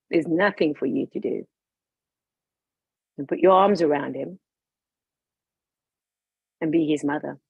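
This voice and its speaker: A woman's voice: low-pitched, slow pace, creaky, long pauses, breathy edge, no echo. A woman guest talking with passion, emphatic and outspoken about her views. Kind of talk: passionate personal talk. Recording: dull lo-fi recording.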